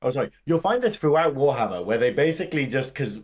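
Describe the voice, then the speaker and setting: A man talks on a podcast in a casual, rambling way. He jokes and wanders into tangents, and his voice sits at a middling pitch. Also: big pitch swings, fast talker, darkish tone. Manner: chatty, joking, tangents into silly hypotheticals.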